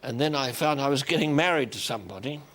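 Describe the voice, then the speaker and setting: A man's voice: medium pitch, animated, fairly bright tone. An older Australian man telling wry stories as a guest on a chat show. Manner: wry, unhurried storytelling. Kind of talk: anecdotal chat show talk. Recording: noisy television studio.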